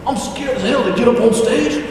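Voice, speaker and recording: A man voicing his Australian businessman friend with an imitated Australian accent and a high, put-on twang. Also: fairly quick, a little mellow, slight background noise. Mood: nervous bravado. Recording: echoey hall from far off.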